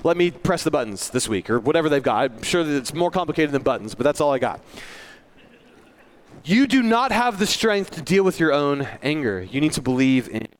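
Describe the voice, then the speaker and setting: A man's voice: a little high, very animated, brisk, slight background noise. A male pastor giving a sermon in a church, earnest and conversational, with self-deprecating asides.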